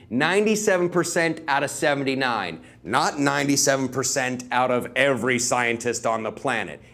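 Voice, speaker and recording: A man's voice: medium pitch, a bit bright. A male comedian doing a sarcastic stand-up monologue, rambling with filler words.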